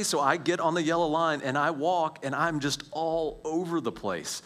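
A man's voice: a little high, fairly quick, hardly any pauses. Man telling his testimony. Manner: animated storytelling with restarts, drops to a hush at tense moments. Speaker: speaker sharing his testimony. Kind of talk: personal testimony.

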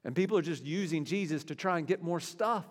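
A man's voice: on the high side, a little fast. A man in his forties preaching a sermon, earnest and conversational, often repeating and restarting his words. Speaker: pastor. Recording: long hall reverb.

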